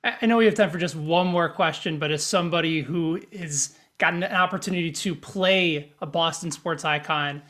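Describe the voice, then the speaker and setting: A man's voice: on the high side, a little fast, few pauses, a bit bright. A man hosting an interview, asking friendly, chatty questions. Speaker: podcast host.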